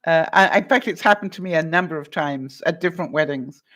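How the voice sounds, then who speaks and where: A woman's voice: deep voice, fairly quick, fairly bright tone, muffled recording. A woman vlogger chatting casually to viewers and answering their comments, telling stories and laughing often.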